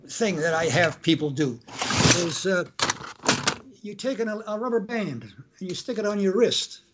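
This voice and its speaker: A man's voice: sits high, husky. A man, a family lawyer, answering interview questions casually and acting out examples, often restarting his sentences. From Canada. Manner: acts out shouted examples, halting restarts.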